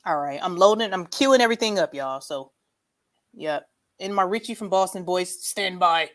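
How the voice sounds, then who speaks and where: A woman hosting a casual livestream chat, reading viewer comments aloud, animated and quick to laugh, saying "y'all". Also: lowish voice. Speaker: livestream host.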